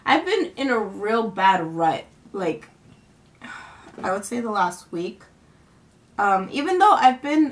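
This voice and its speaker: Young woman with a higher-pitched voice, venting to camera at home, rambling and frustrated. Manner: rambling, frustrated, swears casually. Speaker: vlogger.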